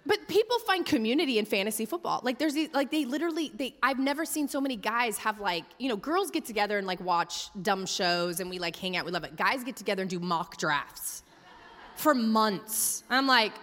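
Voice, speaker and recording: A woman's voice: on the high side, lively intonation, a little fast, a bit bright. A young woman pastor preaching a sermon in a chatty, humorous storytelling way, full of fillers, in a large church hall. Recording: long hall reverb.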